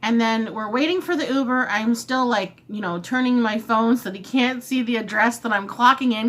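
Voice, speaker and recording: Her voice on the high side, a woman vlogger casually tells a long story while eating. She's lively and talkative, often performing the dialogue of herself and others.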